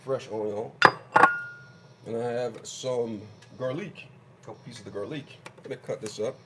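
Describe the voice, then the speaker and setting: A man in a home kitchen talks his viewers through a meal, narrating each step in a loose, chatty way as he chops and stirs. His voice sits in a middling register, and loud clatter of pots, dishes and cutlery runs under everything he says. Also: mid-range voice, steady tone, normal speed, very noisy. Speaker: home cooking vlogger. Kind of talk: casual cooking demonstration.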